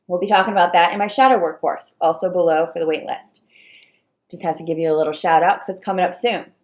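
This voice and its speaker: A woman coaching viewers on relationships in a casual talk, animated and acting out the voices of clients and fears. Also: medium pitch. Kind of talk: casual direct-to-camera advice talk.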